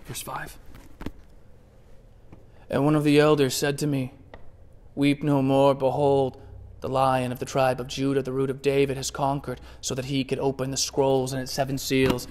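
A man preaching a sermon in a church, conversational and animated, swinging from hushed asides to loud emphatic bursts. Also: medium pitch, normal speed, long pauses, big-room sound. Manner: conversational, playfully acts out scripture scenes. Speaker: pastor. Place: church sanctuary.

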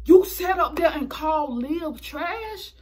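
A woman's voice: high-pitched, expressive, takes it slowly, darkish tone, slight background noise. A woman recapping a wrestling show in a chatty, slangy way, laughing often. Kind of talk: casual video recap.

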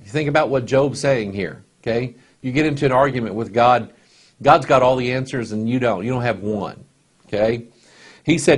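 Guy pastor doing bible study, reads scripture big and loud then chats plain, kinda emphatic. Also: medium pitch, normal speed, breathy edge. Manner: emphatic, reads scripture aloud with rising force, conversational asides.

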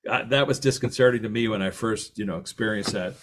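A middle-aged man with a lively, anecdotal way of talking, telling stories in a talk and acting out the quoted voices. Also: lowish voice, fast, a little hiss or hum. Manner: animated, anecdotal, laughs at his own stories, acts out quotes. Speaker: author and podcast host giving a talk. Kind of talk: storytelling talk.

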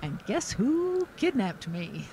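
A woman's voice: medium pitch, sing-song, takes it slowly, dark tone, a little hiss or hum, low-quality recording. Older woman telling chatty stories. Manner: chatty, laughs often, restarts sentences. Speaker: interview guest, actress. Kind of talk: casual anecdotal storytelling. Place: convention floor.

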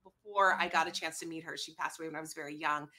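A woman who is a guest on an interview show, telling her personal story in an earnest, animated way. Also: sits low, quick pace.

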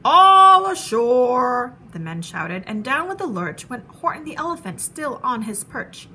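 A woman teacher reading a children's storybook aloud with animated, rhythmic rhyming narration. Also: a little high, moderate pace, slight background noise.

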